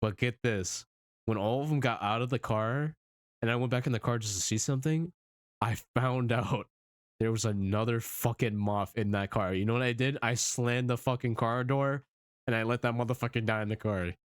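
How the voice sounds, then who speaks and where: Swearing, animated young man telling a story. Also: mid-range voice, moderate pace, no echo, studio quality. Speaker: streamer. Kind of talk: casual storytelling chat.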